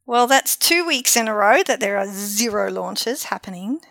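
A woman's voice: mid-range voice, expressive, normal speed, gravelly, crowd noise. A woman co-hosting a podcast, chatting casually in a musing way. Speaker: podcast co-host. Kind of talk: casual chat.

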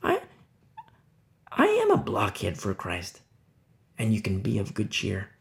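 A man preaching a sermon, firing rhetorical questions and swinging between loud, emphatic lines and hushed ones. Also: fairly low pitch, huge pitch swings, measured pace, vocal fry.

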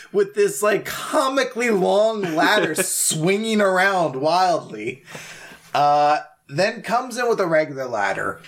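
This man's voice is a little high and a bit bright. Co-hosting a podcast in casual chat, he tells a story animatedly, acting out other people and making sound effects.

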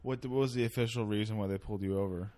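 A man's voice: fairly low pitch, fairly even intonation, very fast, mellow. A man hosting a podcast, chatting casually, joking and swearing easily with his guest. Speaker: podcast host. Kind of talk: casual chat.

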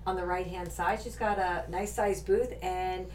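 A woman's voice: on the low side, fairly even intonation, normal speed, darkish tone. A middle-aged woman hosting a podcast, chatting casually and laughing often. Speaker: podcast host and shop owner. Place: indoor room, on a couch. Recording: echoey room, distant mic, faint noise.

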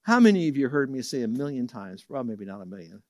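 A man preaching a sermon as a Bible teacher, telling homely stories and leaping up in pitch and volume for the voices he quotes, then dropping soft for the verses. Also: quick pace, dry recording, clean studio sound. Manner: lively storyteller who jumps high and loud for quoted voices; drops soft and low for reverent verses.

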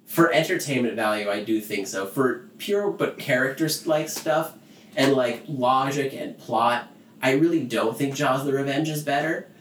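A man's voice: mid-range voice, a little slow. Casual guy doing a rambly movie recap, lots of likes, echoey room w/ a little hiss. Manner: rambling, filler-heavy storytelling with laughs. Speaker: podcast co-host.

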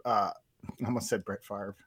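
A man co-hosting a casual sports podcast, animated and rambling with many fillers. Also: fairly low pitch, normal speed, slightly rough, no room sound, studio quality. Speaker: podcast co-host. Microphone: podcast mic.

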